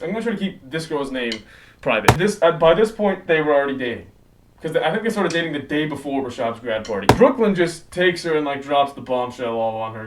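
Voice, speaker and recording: Teen male vlogger, slangy and self-correcting, recorded a little far from the camera mic. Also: on the high side. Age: late teens. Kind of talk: casual storytelling to camera. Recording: slightly distant mic, faint noise.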